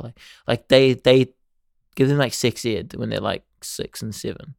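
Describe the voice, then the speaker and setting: A young man in casual, animated banter with a friend. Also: medium pitch, a little fast, gravelly, no echo, clean studio sound. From New Zealand. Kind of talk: casual chat.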